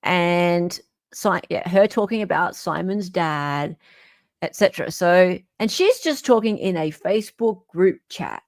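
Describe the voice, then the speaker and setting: An Australian woman hosting a casual chat about a court case. She talks at an unhurried pace, chatty and animated, with a dry, close-miked sound. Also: fairly low pitch, dry recording. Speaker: host. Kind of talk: casual commentary.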